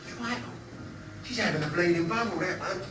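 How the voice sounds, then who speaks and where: A man playing a boastful Cockney customer in a comedy sketch, teasing the server loudly in rhyming slang. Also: high voice, moderate pace, background noise, lightly acted. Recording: echoey room, distant mic, clear music.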